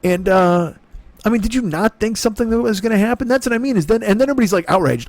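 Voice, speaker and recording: A man rants in a sarcastic, profane comedy monologue. His pitch is a little high and swings widely as he gets worked up. The recording is close and very dry. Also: expressive, rapid-fire, no room sound. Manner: angry, profane, sarcastic ranting. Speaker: comedian and podcast host. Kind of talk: profane comic rant.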